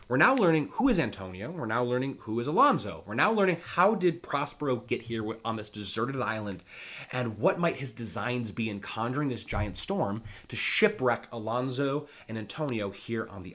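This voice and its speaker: A man's voice: mid-range voice, a bit bright. A man, a former English teacher, reading Shakespeare's lines with dramatic emphasis and then explaining them in plain words.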